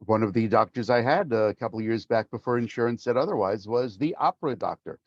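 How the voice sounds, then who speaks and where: A man's voice: mid-range voice, fast, no echo. Middle-aged voice actor guy chatting, acts out the voices in his stories, dry dull sound. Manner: animated storyteller acting out quoted voices. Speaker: voice actor guest. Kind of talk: casual interview storytelling.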